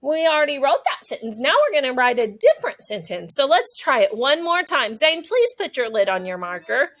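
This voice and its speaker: Young teacher lady in a classroom, bright voice, slow drawn-out modeling, lots of praise. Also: sits high, very animated. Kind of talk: classroom phonics lesson.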